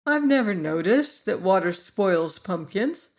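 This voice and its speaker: A man's voice: high-pitched, sing-song, unhurried, heavily acted. A man reading an audiobook and voicing an earnest young boy who speaks plainly and soothingly. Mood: matter-of-fact. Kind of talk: audiobook character voice.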